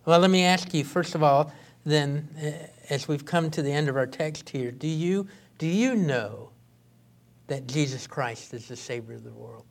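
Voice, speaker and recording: A male pastor preaching a sermon in an earnest way, often halting and restarting his sentences. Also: a little high, vocal fry.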